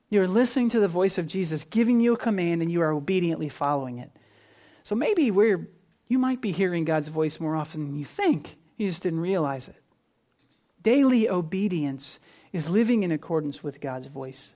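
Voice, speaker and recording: A man preaching with earnest conviction. His voice climbs to emphatic, louder peaks, then falls back to a low, quiet delivery. It has the steady rhythm of a sermon. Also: normal speed. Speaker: pastor.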